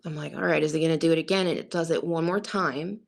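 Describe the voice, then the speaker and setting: Low creaky-voiced woman telling her story. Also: fairly even intonation, fast talker. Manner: rambling, full of "like" and quoted asides. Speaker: guest. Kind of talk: recounting a personal encounter.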